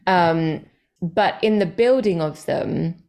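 A woman stand-up comedian chatting as an interview guest, talkative and quick to correct herself, with lots of fillers. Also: on the low side, creaky, a little mellow. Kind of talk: casual interview chat.

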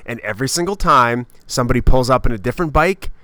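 Man, podcast host, comic storytelling, profane, self-mocking, bright, crisp. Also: mid-range voice, lively intonation, fast talker, dry recording. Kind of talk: comedic storytelling monologue.

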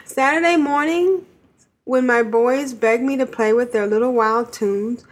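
A woman's voice: on the high side, unhurried. A woman co-hosting a gaming podcast, cheerfully reading a listener's email aloud and laughing between lines. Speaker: podcast co-host.

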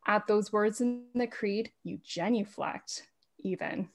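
A woman who is a podcast guest in a casual interview, talking fast and laughing often. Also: mid-range voice. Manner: talks fast with frequent laughs.

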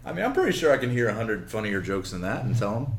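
A male comedian guest on a podcast, playful and expressive in casual banter. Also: fairly low pitch, fast talker, slight background noise. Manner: playful, expressive, plugs himself.

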